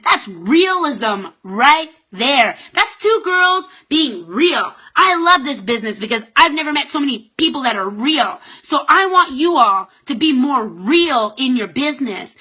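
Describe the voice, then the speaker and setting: A woman's voice: sits high, pushed and bright. A Canadian woman who talks in a bubbly, chatty way, giving casual motivational business advice in a vlog and acting out her conversations with others. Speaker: direct sales consultant giving business advice.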